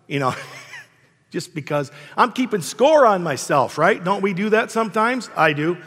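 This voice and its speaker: A man's voice: sits high, animated, measured pace, a bit bright, husky. A man in his sixties, a pastor preaching a sermon in a conversational, self-deprecating storytelling way. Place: church hall. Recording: long reverb of a hall.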